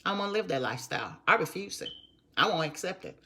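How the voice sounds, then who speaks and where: Bright, emphatic woman in her fifties. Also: on the low side, fairly quick. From Texas. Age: 50s. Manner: emphatic, repetitive, preachy, addresses viewers as y'all. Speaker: network marketer. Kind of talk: live-stream motivational talk.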